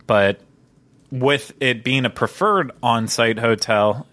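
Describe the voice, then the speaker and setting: A man's voice: mid-range voice, slow, pushed and bright, no echo. A young man hosting a casual podcast, chatty and enthusiastic with many fillers. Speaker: podcast host.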